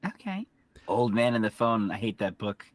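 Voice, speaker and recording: A man chiming into a casual podcast recap with quick, teasing quips. His pitch is lively and jumps around. The sound is dry and close. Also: no echo. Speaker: podcast co-host.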